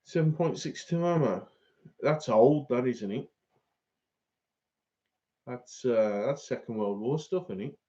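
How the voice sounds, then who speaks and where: A man's voice: medium pitch, slow, long pauses, warm tone, dull audio. A man hosting a fishing channel, chatting casually on a live stream, laughing often and reading out viewer comments.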